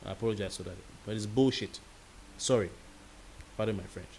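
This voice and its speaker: A man's voice: on the low side, brisk, vocal fry, a little mellow, a little hiss or hum. A Nigerian-accented man hosting a late-night talk show, giving a heated commentary monologue with pidgin words mixed in. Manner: passionate and ranting, mixing pidgin words.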